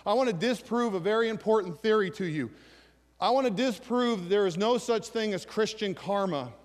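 High-voiced preaching man in a reverberant hall. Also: a little fast. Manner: animated preaching, reads scripture aloud, asks the congregation questions. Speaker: pastor. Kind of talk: sermon.

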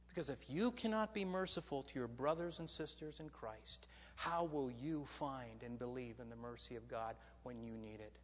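Guy pastor preaching in church, slightly high voice, lively, big echoey hall. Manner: animated, rhetorical questions to the congregation. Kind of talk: sermon.

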